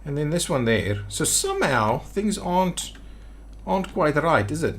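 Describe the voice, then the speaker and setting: A man's voice: on the high side, sing-song, normal speed, slight background noise. Man musing aloud over a city-builder. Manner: thinking aloud, hesitant restarts while building. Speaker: city-builder video creator. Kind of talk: gameplay commentary.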